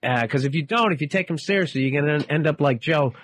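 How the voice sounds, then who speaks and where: A man's voice: a little high, quick pace, slight background noise. A man co-hosting a comedy podcast, talking in a blunt, profane, teasing way. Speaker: podcast co-host. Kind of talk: casual comedic banter.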